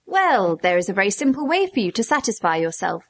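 Expressive woman reading a dialogue. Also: medium pitch, a little fast. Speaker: narrator. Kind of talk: read-aloud dialogue narration.

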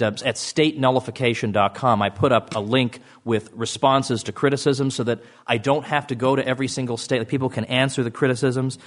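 A middle-aged man speaks to an audience at a mid-range pitch. He lectures in a loose, conversational way. He tosses off mocking, sardonic asides with sudden leaps in pitch. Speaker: author giving a talk. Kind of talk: public speech to an audience.

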